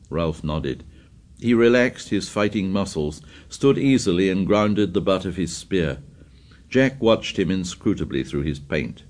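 A man reading a novel aloud in steady, scripted narration. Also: deep voice, a little slow. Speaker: audiobook narrator.

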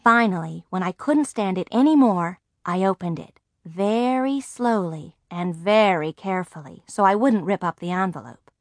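A woman narrating a first-person audiobook with a lively, expressive delivery. Her pitch moves freely, rising and falling with the story. She is recorded close and dry, with no room sound. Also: moderate pace, dry recording.

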